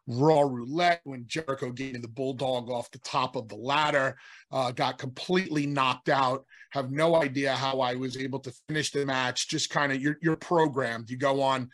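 A man's voice: medium pitch, steady tone, moderate pace, a bit bright. A middle-aged man, a podcast co-host, telling rambling stories in casual chat, often restarting his sentences. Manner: rambling, restarts, self-interrupting. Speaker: podcast co-host, former wrestler. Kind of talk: casual storytelling.

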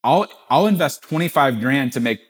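A middle-aged man, a podcast guest, telling a business story with animated quoted dialogue. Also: medium pitch, normal speed. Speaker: guest, gift-giving business founder.

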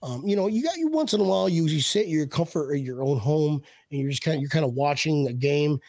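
A man hosting a casual podcast chat who gets excited, laughs a lot and stumbles over his words. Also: on the high side, fast, no room sound. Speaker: podcast host.

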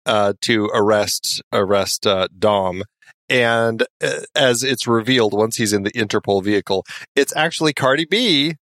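A man co-hosting a podcast, relaxed in casual film chat, recapping scenes and laughing along. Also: fairly low pitch, no echo, clean studio sound. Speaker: podcast co-host.

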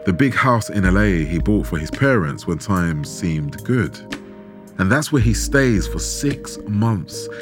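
A man telling a true story in measured, dramatic scripted narration, with rhetorical questions. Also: low voice, lively intonation. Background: background music.

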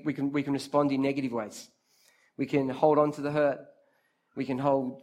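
A man giving an interactive sermon, speaking straight to his listeners, calling on them by name and repeating key phrases for emphasis. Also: medium pitch. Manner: lively, talks straight to the crowd, calls on listeners by name. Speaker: preacher leading a youth group.

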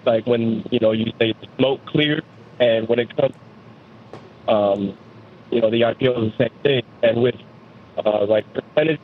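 A man phones in to a finance show, polite and a little hesitant, searching for his words. His voice comes through a thin, tinny phone line at an ordinary pitch. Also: normal speed, pauses often, a little hiss or hum. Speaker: caller. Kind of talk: phone-in question.

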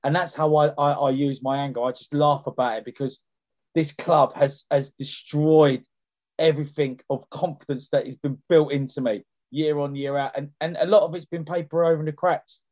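Guy venting on a football podcast, blunt, slightly high voice. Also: fairly even intonation, moderate pace, a little mellow. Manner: blunt, heated, repeats himself. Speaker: podcast co-host. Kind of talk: casual football podcast chat.

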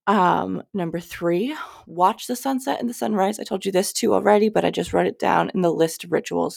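A woman's voice: fairly low pitch, vocal fry, no echo, studio quality. A young woman hosting a podcast, giving casual spiritual advice in a candid, chatty way, sometimes swearing and cutting herself off. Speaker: podcast host.

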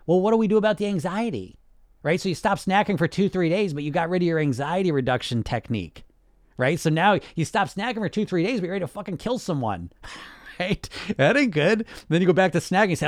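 Male podcast coach, blunt and sarcastic, swears freely, slightly high voice, dry sound. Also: animated, quick pace, no room sound. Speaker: weight loss coach and podcast host. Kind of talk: casual podcast monologue.

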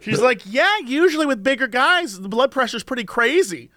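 A young man co-hosting a casual podcast, telling comic stories and doing quick impressions of the people he quotes. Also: very high-pitched, big pitch swings, sharp tone, no room sound, clean studio sound. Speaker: podcast co-host.

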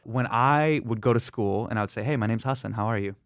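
A man's voice: medium pitch, quick pace, dry recording. A man from the United States, a comedian guest in a studio interview, telling stories and acting out other people's lines. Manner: animated storyteller who acts out other people's lines. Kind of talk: conversational interview. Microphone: studio microphone.

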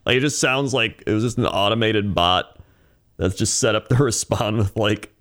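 A man chatting casually, relaxed and laughing as he talks. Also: on the low side, moderate pace. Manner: relaxed, laughs while talking. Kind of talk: casual chat.

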